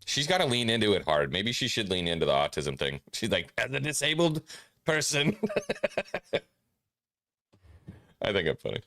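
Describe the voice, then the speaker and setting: A man's voice: low-pitched, wildly swooping pitch, normal speed, pauses often, a bit bright. A man co-hosting a casual livestream, joking and laughing often. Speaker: co-host.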